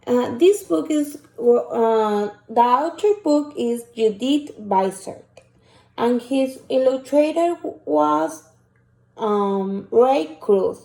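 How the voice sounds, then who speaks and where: A woman teacher, reading a picture book aloud and asking children questions in a slow, patient way. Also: sits high, animated, warm tone, roomy sound. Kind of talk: shared reading lesson for children.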